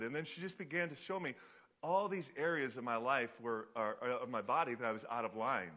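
A man's voice: medium pitch, fairly quick, pushed and bright. Chatty middle-aged male pastor. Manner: chatty, self-deprecating, many fillers. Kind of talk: storytelling sermon. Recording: dull lo-fi sound.

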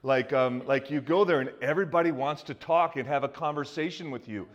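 A man's voice: mid-range voice, a little fast, dull audio. A man in his fifties from the US Northeast, preaching a sermon in a loose, joking, conversational way with many restarts and asides. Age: 50s. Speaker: pastor.

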